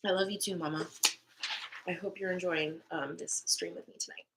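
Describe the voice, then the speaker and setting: A woman's voice: on the low side, fairly even intonation, moderate pace, gravelly, background noise. A young woman hosting a casual live stream, talking candidly with frequent swearing and laughter and tossing in Spanish words. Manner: chatty, candid, swears freely, laughs often. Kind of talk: casual live stream chat about manifesting.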